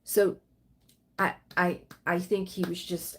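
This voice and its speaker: A woman's voice: lowish voice, slow pace, a little hiss or hum. Chatty woman hosting a livestream. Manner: chatty, reads out viewer greetings. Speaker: livestream host. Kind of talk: casual livestream chat.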